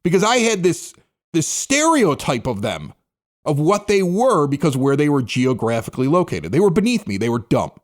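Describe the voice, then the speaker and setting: A man in his forties from Chicago's South Side tells a story on his podcast. His voice sits a little high and swings widely up and down as he talks. He sounds candid and self-critical. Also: very animated, moderate pace. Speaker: podcast host, former radio DJ. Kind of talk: casual storytelling commentary.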